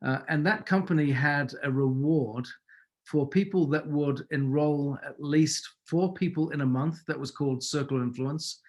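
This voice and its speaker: Storytelling mentor man, slightly high voice. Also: moderate pace. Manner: conversational storyteller, asks listeners rhetorical questions. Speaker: business mentor. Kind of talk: mentoring talk with anecdotes. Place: video or conference call.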